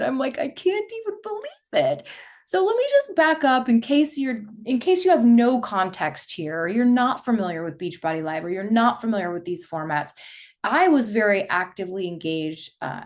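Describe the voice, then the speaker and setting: Chatty, emphatic woman podcast host. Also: mid-range voice. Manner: chatty and emphatic, with frequent asides. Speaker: podcast host and fitness instructor trainer. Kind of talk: casual solo podcast talk.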